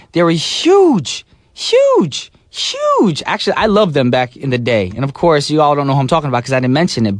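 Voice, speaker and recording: A man hosting a pop radio show, full of playful energy and slang. His voice sits a little high. He is recorded in a dry, close studio. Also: no echo. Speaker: radio DJ and host. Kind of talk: radio DJ chat. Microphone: studio microphone.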